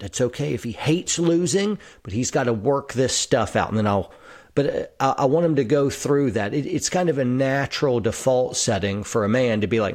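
A man's voice: mid-range voice, animated, normal speed, darkish tone. A man hosting an interview, earnest and affirming, often rephrasing his questions back to the guest. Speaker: podcast host. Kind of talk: conversational interview.

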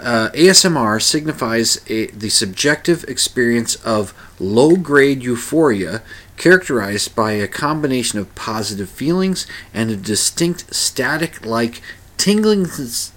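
Middle-aged male podcast host, unhurried and rambling, casual solo talk with frequent fillers. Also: medium pitch, fairly bright tone. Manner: rambling, many uh fillers and restarts. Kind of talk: casual monologue.

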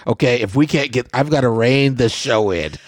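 A man from Southeast Texas co-hosting a casual talk show, animated and exasperated, with sudden high squeals. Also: normal speed, dry recording, studio quality. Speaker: co-host. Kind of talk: casual podcast banter.

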